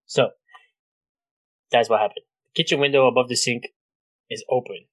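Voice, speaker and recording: Bright-voiced guy telling a family story, animated, lots of swearing. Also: mid-range voice, normal speed, poor audio. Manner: animated, swears freely, acts out quotes. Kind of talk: casual storytelling chat.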